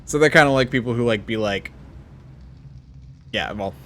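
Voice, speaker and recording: A young man streaming a game, chatting casually and thinking out loud with frequent self-corrections. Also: mid-range voice, moderate pace, long pauses, slight background noise. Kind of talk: casual gameplay commentary.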